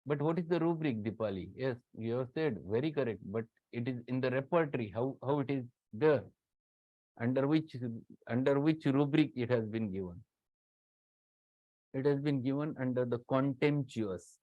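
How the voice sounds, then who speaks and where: Emphatic Indian English professor. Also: male voice, mid-range voice, normal speed, dry recording. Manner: emphatic, repeats words for stress. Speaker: homoeopathy professor. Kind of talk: online lecture. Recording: dull lo-fi dry sound.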